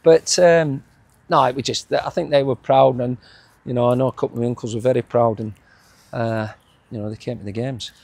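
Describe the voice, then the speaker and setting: A man's voice: mid-range voice, steady tone, a little fast, gravelly, darkish tone, dry recording. A middle-aged man with a Yorkshire accent, a former footballer reminiscing in a casual interview, rambling with frequent restarts and chuckles. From England.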